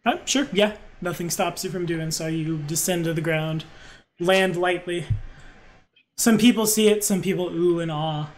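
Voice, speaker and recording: A woman's voice: lowish voice, normal speed. A woman narrating a tabletop game as game master, in an easygoing manner.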